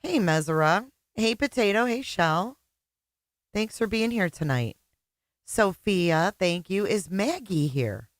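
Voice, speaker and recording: A woman's voice: mid-range voice, animated, slow, no room sound. A middle-aged woman hosting a casual livestream chat, emotional and teary, greeting viewers by name. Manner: emotional, chatty, reading out viewer names. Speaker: livestream host.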